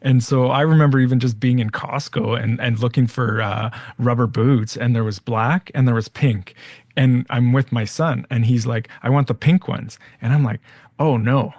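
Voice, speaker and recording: A man's voice: mid-range voice, steady tone, moderate pace, darkish tone, no echo, clean studio sound. A man co-hosting a psychology podcast, explaining ideas in a thoughtful, casual way. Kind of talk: casual conversation.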